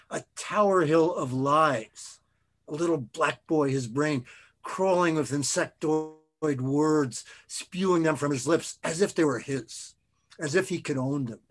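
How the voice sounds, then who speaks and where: A man, an author, reading his own novel aloud in a measured, expressive way. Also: fairly high pitch.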